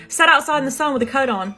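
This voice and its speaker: A woman talks straight to camera in a brash, joking vlog style and hits her punchlines hard. Her voice sits a little high. Light music plays faintly behind her. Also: bright, forceful tone. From southern United States. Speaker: vlogger. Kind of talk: casual comic vlog.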